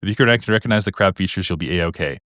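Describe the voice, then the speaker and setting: A man's voice: low-pitched, fairly bright tone, no room sound, clean studio sound. A young man teaching medical exam topics in a chatty, joking lecture style, full of rhetorical questions. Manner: fast, chatty, jokey, asks rhetorical questions. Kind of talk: casual recorded lecture.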